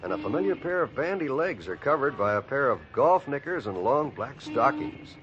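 A man narrating as an announcer in a measured, storytelling way, on a dull old radio recording. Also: medium pitch, big pitch swings, a bit bright. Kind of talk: scripted narration.

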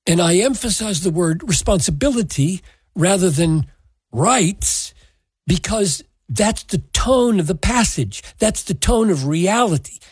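A man preaching a sermon, slowly and earnestly explaining scripture verses. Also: high-pitched, animated, husky, no room sound. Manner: slow, earnest, emphatic scripture exposition. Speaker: pastor.

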